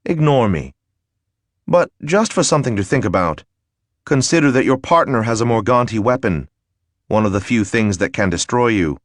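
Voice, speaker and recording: A man's voice: fairly low pitch, dry recording, close to an everyday voice. A man reading a sardonic male assassin in an audiobook, who taunts his enemies in a dry, mocking way. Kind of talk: audiobook character voice.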